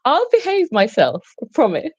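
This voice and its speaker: High-voiced giggly lady reading chat comments out loud on a live stream, dry sound. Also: wildly swooping pitch, normal speed, breathy edge, no room sound, dull audio. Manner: giggly, reads out viewer comments.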